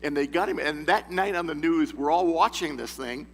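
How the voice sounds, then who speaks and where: A man's voice: a little high, moderate pace, creaky, fairly bright tone. A man giving an informal sermon to a men's group, telling stories in a folksy way with chuckles and false starts. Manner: folksy storyteller, chuckles and restarts often. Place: church meeting room. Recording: echoey hall with faint hum.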